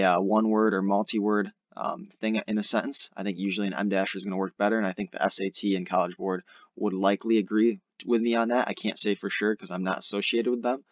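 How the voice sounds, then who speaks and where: A man's voice: fairly low pitch, no room sound, muffled recording. A young adult man tutoring SAT grammar in a casual, explanatory screen-recorded lesson. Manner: casual, explanatory, uses fillers like "all right".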